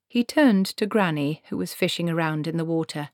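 A woman reading a comic fantasy novel aloud in a wry, expressive storytelling manner. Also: sits low, moderate pace, few pauses, dry recording, clean studio sound. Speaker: audiobook narrator. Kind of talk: scripted narration.

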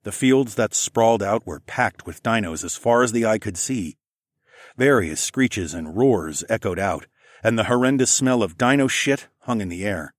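Man reading a first-person story, lowish voice, steady and matter-of-fact, dry close sound. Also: moderate pace, dry recording. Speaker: narrator.

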